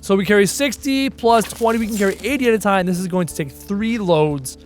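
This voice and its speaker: A man's voice: high voice, brisk, faint music behind. A man giving casual, playful let's-play commentary, chatty and full of puns, laughing at his own jokes. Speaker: gaming video host.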